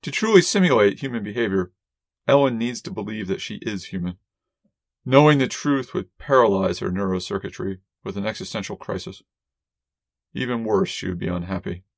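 A man narrating a first-person story as an audiobook reader in a measured, wry, deadpan way. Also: fairly low pitch, creaky, no echo, clean studio sound.

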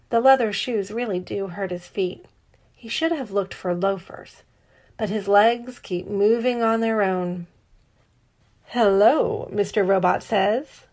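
A woman reading a novel aloud as an audiobook narrator. Her delivery is measured and lightly wry. Her voice sits at an everyday middle pitch.

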